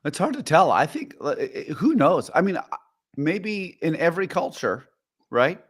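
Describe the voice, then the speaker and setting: A man's voice: fairly high pitch, very animated, moderate pace, husky. A man co-hosting a podcast in casual chat, rambling with restarts and asides. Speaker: podcast co-host.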